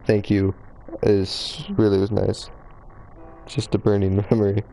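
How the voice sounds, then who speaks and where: Male game streamer, low mellow voice, loose rambling chatter, pokes fun at himself. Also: level tone, unhurried, gravelly, slight background noise, rough recording. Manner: rambling, chatty, self-deprecating. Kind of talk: casual live game streaming.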